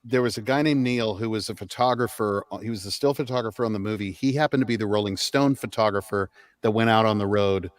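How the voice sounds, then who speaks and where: A middle-aged man, a guest on a chat stream, telling animated anecdotes with casual swearing. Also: on the low side, fast talker, no room sound.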